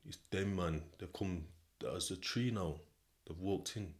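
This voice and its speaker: Deep-voiced British man telling a story. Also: a little slow, a little mellow. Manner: slang-heavy, conversational, repeats "do you know what I mean". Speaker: podcast host. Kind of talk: casual second-person storytelling.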